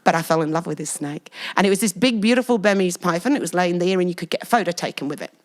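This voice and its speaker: A middle-aged woman, a guest telling animated stories in a casual interview. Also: lowish voice, fast talker. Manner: lively, animated storyteller with frequent laughs.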